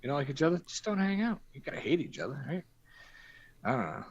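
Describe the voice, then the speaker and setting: Guy hosting a stream, talks super fast, rambly and swears a lot, dull dry audio. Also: a little high, big pitch swings, husky. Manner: rambling, profane storytelling with frequent laughs. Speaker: stream host. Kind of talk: casual chat.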